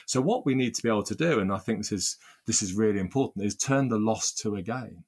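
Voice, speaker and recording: Male mediator guest, lowish voice, earnest, stacks phrases in lists. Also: animated, quick pace, a little mellow, husky. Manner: earnest, repeats words when restarting, builds lists of phrases. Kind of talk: interview answers.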